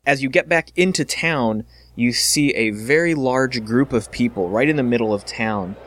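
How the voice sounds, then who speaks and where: Dungeon master man, mid pitch, dry close sound, halting narration with fillers. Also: no echo. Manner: steady narration with many fillers. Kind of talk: narrating a tabletop game.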